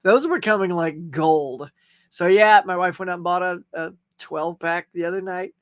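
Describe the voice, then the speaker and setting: His high-pitched voice moves at a normal speed in a dry, studio-quality recording. The speaker is a middle-aged man with a Southern US accent who casually hosts a live stream, reading comments, laughing often, and greeting viewers by name.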